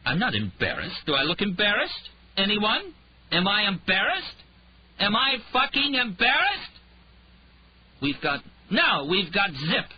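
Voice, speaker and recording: A man narrator voicing a drunk, raging male detective who snarls and shouts. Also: low-pitched, big pitch swings, a little slow, highs cut off, a little hiss or hum. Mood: bitter drunk. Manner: snarling, shouting, slurred rants.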